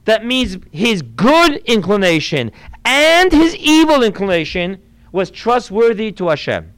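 A man with a fairly high, smooth voice gives an earnest Torah class. He explains patiently and keeps quoting Hebrew and Yiddish texts as he goes. The sound is dry and close, with no room around it. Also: very animated, a little slow, fairly bright tone, dry recording, low-quality recording. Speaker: rabbi teaching a class.

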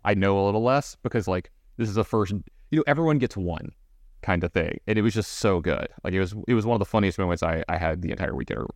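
Fast-talking man telling a funny story. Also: sits low, no room sound, studio quality. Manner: fast, animated storytelling with many fillers. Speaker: podcast co-host. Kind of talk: casual storytelling chat.

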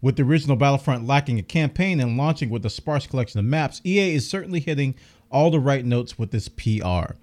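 Lively man hosting gaming news. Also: medium pitch, fast. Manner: enthusiastic, chatty, reads out game details. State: losing his voice, coughing. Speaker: gaming news podcast host. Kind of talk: casual news commentary.

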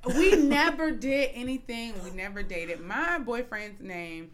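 A woman's voice: a little high, expressive, measured pace, slight background noise. A woman co-hosting a casual chat, answering defensively in short replies.

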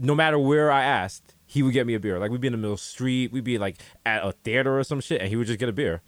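A man's voice: mid-range voice, no echo. A young man co-hosting a podcast, talking in loose, profane banter and telling stories with acted-out quotes. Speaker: podcast co-host.

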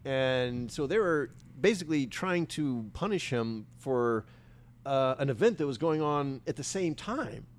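A man's voice: medium pitch, lively intonation, a little slow. A man hosting a casual chat, enthusiastic and jumping in often.

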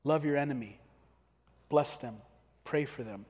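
A man preaching a sermon as pastor, talking casually and acting out quick everyday scenes. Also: medium pitch, a little mellow, slightly rough. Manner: conversational, acts out quick scenes. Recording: long hall reverb.

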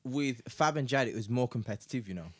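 A man's voice: medium pitch, fast talker, dry recording, clean studio sound. A man co-hosting a casual podcast chat, teasing the others. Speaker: podcast co-host.

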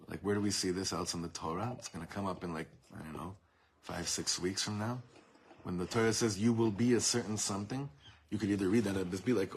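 A man's voice: fairly low pitch, husky. A man teaching a Torah class to a room of students, talking it through with many restarts and quoting Hebrew texts. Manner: warm, searching delivery with many restarts and Hebrew quotes.

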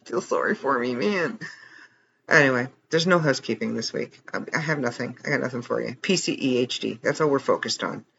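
A man's voice: mid-range voice, a bit bright, highs cut off, a little hiss or hum. A man hosting a podcast late at night, tired and rambling, chatting casually with self-deprecating jokes and frequent chuckles. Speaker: podcast host. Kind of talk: casual chat.

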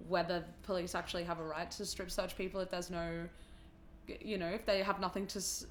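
Low-voiced woman asking easy questions. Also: level tone, fairly quick. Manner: brief encouraging backchannels, asks questions. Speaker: interviewer. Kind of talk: casual interview.

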